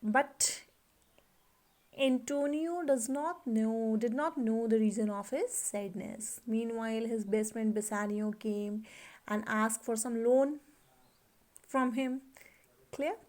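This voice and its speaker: A woman's voice: on the high side, fairly even intonation, slow, a little mellow. A woman teacher with an Indian English accent, explaining a play line by line to a class and checking often that students follow. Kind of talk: classroom literature lesson.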